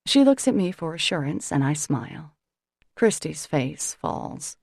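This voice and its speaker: A woman's voice: sits low, expressive, measured pace, gravelly, no room sound, clean studio sound. A woman narrating a first-person novel as an audiobook, in a wry, conversational way.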